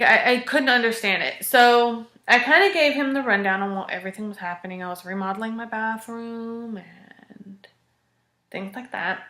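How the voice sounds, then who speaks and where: A woman in her thirties telling a personal story in a frank, expressive, casual way. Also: mid-range voice. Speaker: vlogger. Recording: echoey room.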